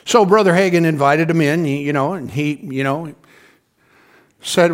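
A man's voice: on the high side, moderate pace, long pauses. A male pastor delivering a sermon as a conversational story, often calling on the congregation to respond.

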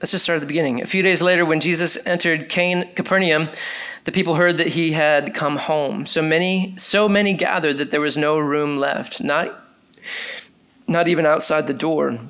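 A man preaching a sermon in a conversational, animated way, reading scripture and talking to the congregation with many casual fillers. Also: on the high side, normal speed, smooth.

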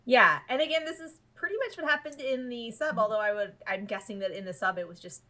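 A woman co-hosts a podcast and earnestly walks through an anime episode, acting out bits of dialogue as she goes. Her voice is mid-pitched and bright. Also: fast talker. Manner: earnest, retells scenes with quoted lines. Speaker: podcast co-host. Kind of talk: casual chat recapping an anime episode.

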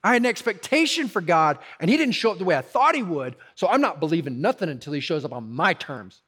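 A preacher voicing a fed-up, grumbling disciple. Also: male voice, on the high side, big pitch swings, fast talker, a bit bright, slightly rough, full character voice. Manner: blunt, grumbling. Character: frustrated disappointed male disciple.

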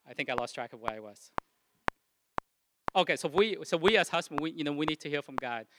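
Man, sermon, earnest, self-correcting, slightly high voice, heavy background noise. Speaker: pastor.

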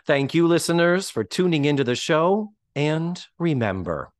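A man hosting a podcast in casual chat, animated and swearing freely as he acts out quotes. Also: fairly high pitch, moderate pace, no room sound, studio quality. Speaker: podcast host.

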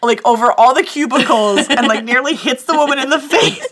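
A woman's voice: high voice, brisk, slight background noise. A young woman co-hosting a podcast, retelling a movie in casual chat, giggling often and saying "like" a lot. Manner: giggly, animated retelling with lots of "like". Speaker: podcast co-host.

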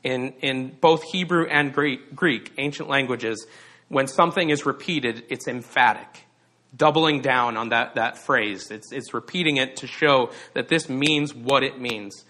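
A man's voice: medium pitch, measured pace, pushed and bright. A man preaching a sermon as pastor, speaking earnestly and with emphasis, asking rhetorical questions.

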